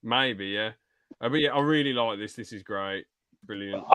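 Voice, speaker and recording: A man's voice: fairly low pitch, moderate pace, sharp tone, clean tone, no room sound. Laid-back man, dry close sound. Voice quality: swears freely, trails off into filler words. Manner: laid-back, mildly critical, repeats himself. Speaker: podcast co-host. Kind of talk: casual reaction chat.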